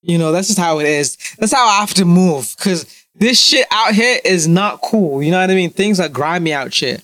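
A man's voice: high voice, animated, normal speed, fairly bright tone, no echo. A young man talking casually to his viewers, blunt and profane, ranting with many restarts. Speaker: vlogger. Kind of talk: casual monologue to camera.

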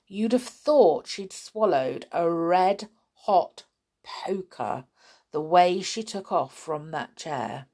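A woman reading a children's story aloud with expressive, dramatic delivery. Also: fairly low pitch, takes it slowly.

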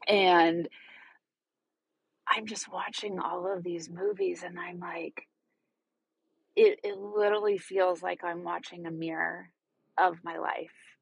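A woman in her thirties telling a personal story in a vlog, halting and tearful, often restarting her sentences. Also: fairly low pitch, steady tone, creaky, breathy edge, no room sound, highs cut off. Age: 30s. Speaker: vlogger. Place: parked car.

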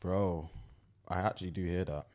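A man's voice: low voice, fairly even intonation, moderate pace, background noise. A young man in casual podcast chat, laid-back, echoing his friend and laughing often. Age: young adult. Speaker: podcast co-host.

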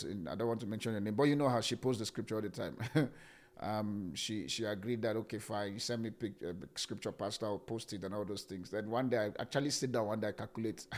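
A middle-aged man preaching a sermon as pastor, repeating key phrases slowly and swinging between loud and hushed delivery. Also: lowish voice.

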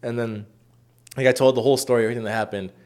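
A young man rattles off an anecdote at a quick clip, his pitch sitting in the middle range. He swears freely, stacks filler words, and jumps into loud quoted voices. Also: fairly even intonation. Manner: profane, rambling, many fillers, acts out quotes loudly. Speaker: storyteller in casual podcast chat. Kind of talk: casual chat.

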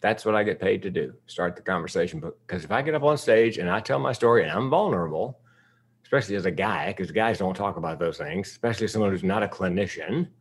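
A man in his fifties from the United States, telling a personal story in a public talk with comic timing and deadpan asides. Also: sits low, quick pace, slightly rough. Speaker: speaker.

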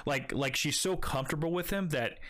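A man's voice: fairly high pitch, brisk, crowd noise. A young man telling a long, rambling story in casual chat, swearing often and filling gaps with "like" and "um.". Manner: rambling, profane, heavy filler words.

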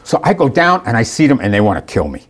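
A man casually telling a long, animated story and acting out the people in it. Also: medium pitch, quick pace. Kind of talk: casual anecdote.

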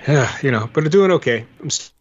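An older man from the Pittsburgh area, rambling through memories in a casual podcast chat. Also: mid-range voice. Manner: reminiscing, rambling storyteller. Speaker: guest. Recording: dull lo-fi audio.

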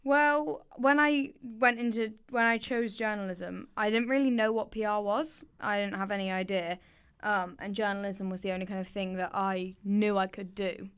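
A woman's voice: mid-range voice, steady tone, normal speed, fairly bright tone, smooth. A young woman, a podcast guest who chats casually, giggling and poking fun at herself. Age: young adult. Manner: giggly, self-mocking, chatty.

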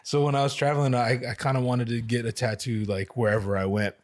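A man's voice: medium pitch, level tone, quick pace, darkish tone. A man in his thirties hosting a casual chat, telling stories in a laid-back, slangy, profane way. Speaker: podcast host.

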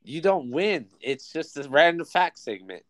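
A man's voice: a little high, animated, measured pace, fairly bright tone, dry recording. A young man hosting a podcast in casual chat, joking and teasing with plenty of swearing. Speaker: podcast host.

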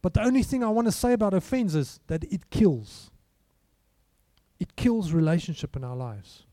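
A man's voice: high voice, animated, moderate pace, warm tone, dry recording. A man preaching a sermon in a conversational way, full of rhetorical questions. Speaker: pastor.

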